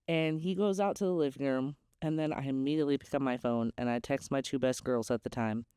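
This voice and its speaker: A woman's voice: rumbling low, a little fast, dark tone, clean tone, no echo, studio quality. A young adult woman hosting a podcast, telling a personal story in a candid, chatty way with many "like"s. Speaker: podcast host. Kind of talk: casual storytelling.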